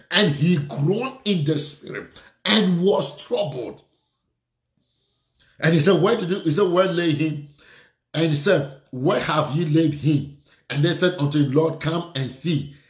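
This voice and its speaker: A man preaches with fervor, repeating his declarations and prayers in a slow, drawn-out delivery. His voice sits a little high. The room around him rings with echo. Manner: fervent, repetitive declarations and prayer. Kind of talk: sermon.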